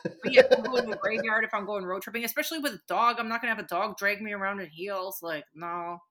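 A woman's voice: mid-range voice, fast, bright, forceful tone. A woman guest on a podcast, talking casually with plenty of fillers and frequent swearing. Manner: chatty, swears freely, many fillers. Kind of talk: casual chat.

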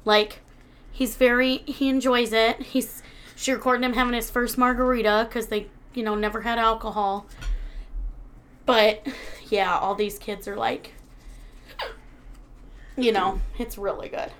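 A woman's voice: on the high side, fairly even intonation, a little slow, pauses often, fairly bright tone. A young woman co-hosting a casual podcast chat, laughing often, swearing freely and mimicking people as she retells stories. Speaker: podcast co-host.

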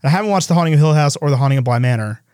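Animated man in casual chat. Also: a little high, clean tone, no room sound, clean studio sound. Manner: animated, quick asides, does voices when retelling. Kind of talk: casual chat about movies.

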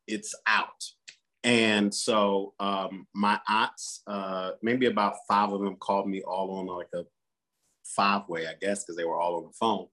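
A man's voice: on the low side, a bit bright. A man, a pastor and interview guest, telling a personal story candidly and earnestly, acting out the quotes.

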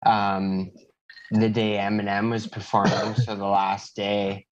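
A relaxed man chats casually, backing up his friend with short replies. His voice sits low and stays flat and even. The recording sounds a little muffled. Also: takes it slowly. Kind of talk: casual chat.

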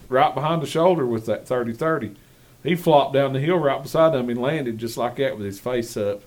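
A man, a guest hunter telling stories in plain, matter-of-fact rural talk. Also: mid-range voice. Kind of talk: casual storytelling chat.

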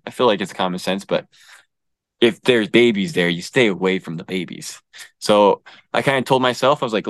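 An American man in his young adult years recounts a story in a loose, animated way. He laughs often and drops fillers and curses. His voice is mid-pitched and sits close and dry. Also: dry recording. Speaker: guest recounting an encounter. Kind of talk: casual storytelling.

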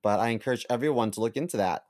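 A man's voice: medium pitch, very fast, darkish tone. A young man co-hosting a podcast, playful and goofy, swearing offhandedly. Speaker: podcast co-host. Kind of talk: casual joking chat.

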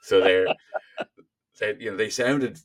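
A middle-aged man with an Irish accent, speaking in a low, easy register. He talks casually over a remote call, dry and wry, slipping in jokey asides. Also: slow. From Ireland. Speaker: guest comedian. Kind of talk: casual chat.

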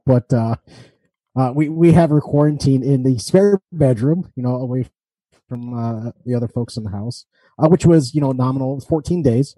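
A man's voice: medium pitch, moderate pace, dark tone, no echo, poor audio. A man in a casual chat, talking in an easygoing, matter-of-fact way. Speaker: co-host.

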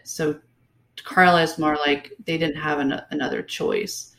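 Sarcastic, low-pitched podcast woman. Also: unhurried. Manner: animated, sarcastic, lots of fillers. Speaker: podcast co-host. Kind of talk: casual book-review chat.

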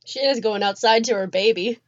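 A woman's voice: a little high, a little fast, lo-fi sound. A woman playing a tabletop game, describing her character's actions. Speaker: player.

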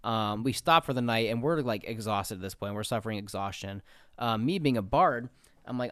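A man's voice: lowish voice, fast, fairly bright tone, no room sound. A man casually telling a story from his tabletop game, rambling and profane, with lots of fillers. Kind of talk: casual anecdote.

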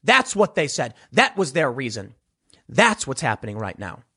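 A man's voice: medium pitch, normal speed, slightly rough. A man delivering a sarcastic political opinion monologue, talking straight to his audience. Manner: animated, sarcastic, mocking voices of others. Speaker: political commentator.

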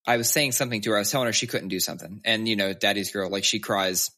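A man's voice: on the low side, fast, sharp tone. A man in his thirties chatting candidly about his kids, swearing freely and acting out their lines. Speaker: podcast co-host. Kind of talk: casual chat.

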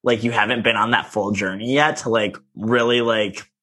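A man chatting casually on a podcast, gossipy and animated, laughing often. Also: on the low side, moderate pace. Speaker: podcast co-host. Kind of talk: casual chat about reality TV.

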